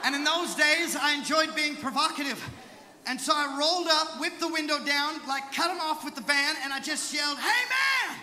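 A young male evangelist preaching a storytelling sermon, moving from hushed asides to shouted exhortation. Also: very high-pitched, fairly even intonation, normal speed, slight background noise. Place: large church sanctuary. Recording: echoey hall with crowd.

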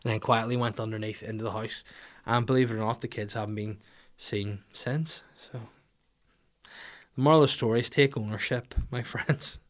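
A man's voice: mid-range voice, fairly even intonation, normal speed. A young man hosting a comedy podcast, swearing freely and acting out little scenes as he rants. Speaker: podcast host.

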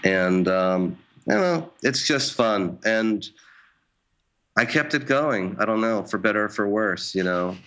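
Low-voiced man, hesitant musician. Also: lively intonation, unhurried, fairly bright tone. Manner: hesitant, many restarts and fillers; wry, self-mocking humor. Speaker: jazz musician. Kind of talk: casual interview talk.

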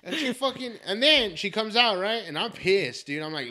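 A man's voice: sits high, big pitch swings, moderate pace, hardly any pauses, sharp tone. Profane young man telling a story. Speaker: podcast host. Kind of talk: casual podcast chat.

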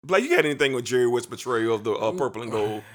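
A man's voice: medium pitch, lively intonation, fast, a bit bright. A man hosting a sports podcast, ranting emphatically and repeating names for effect, with features. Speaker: podcast host. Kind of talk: animated sports talk rant.

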